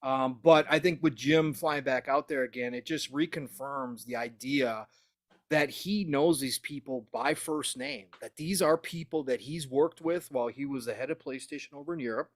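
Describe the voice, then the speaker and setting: A man hosting a gaming podcast in casual chat, animated and full of "uh" fillers. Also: medium pitch, moderate pace, no echo, studio quality. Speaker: podcast host.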